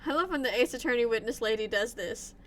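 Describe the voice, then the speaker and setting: A woman's voice: a little high, expressive, fast talker, a little hiss or hum. A young woman streaming a game live, chatting and rambling with a giggly, casual manner. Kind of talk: live gameplay commentary.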